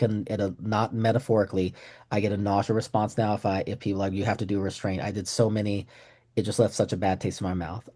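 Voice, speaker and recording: A man's voice: medium pitch, mellow. A middle-aged man from Texas giving a casual, joking webinar training on a video call, with self-deprecating humor. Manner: joking, self-deprecating, acts out quoted voices. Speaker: trainer presenting to clinicians.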